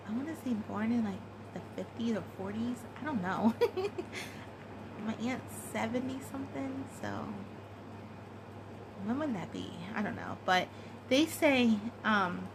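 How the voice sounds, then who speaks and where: A woman's voice: a little high, very animated, takes it slowly, background noise. A woman chatting casually and giggling, with many fillers, as she answers a tag. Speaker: craft vlogger.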